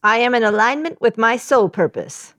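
A woman's voice: on the high side, expressive, normal speed, fairly bright tone, no echo, studio quality. A woman co-hosting a podcast in casual, playful, joking chat. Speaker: podcast co-host.

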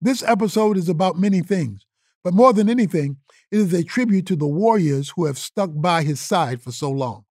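A man's voice: sits high, expressive, moderate pace, a little mellow, no echo, studio quality. A man giving an earnest scripted introduction to an episode of an audio drama series. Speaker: show host introducing the episode.

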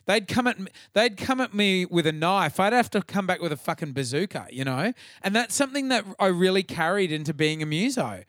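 A middle-aged Australian man hosting a podcast, telling stories in a casual, profane, animated way. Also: sits high, fairly quick, hardly any pauses, no room sound, clean studio sound. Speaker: podcast host. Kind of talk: casual chat.

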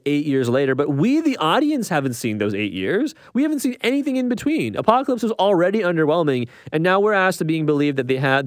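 A male film reviewer talks in a fairly high voice, emphatic and exasperated, and keeps tossing in quick tag questions. The sound is dry and close on the mic, with no room echo. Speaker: movie reviewer. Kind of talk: opinionated podcast review.

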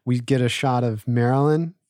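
Relaxed male podcast co-host, mid pitch. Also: normal speed, no room sound, studio quality. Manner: relaxed recapping with fillers. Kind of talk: casual podcast discussion.

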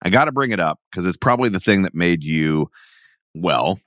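A man hosting a podcast, asking low-key, measured questions. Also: expressive, a bit bright, no room sound, clean studio sound. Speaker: podcast host. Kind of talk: interviewing.

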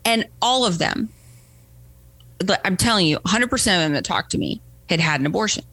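A woman's voice: fairly low pitch, a little fast, creaky, husky, no echo. A woman guest telling a story in a casual interview, acting out the voices of people she quotes and often asking "right?". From United States. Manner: animated, acts out quoted voices, frequent "right?". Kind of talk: conversational storytelling.

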